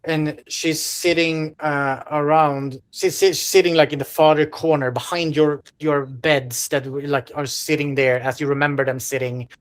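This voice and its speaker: Game master, horror tabletop narration, rambling, filler-heavy, mid-pitched. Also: steady tone, normal speed, few pauses. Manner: rambling, descriptive, with many fillers.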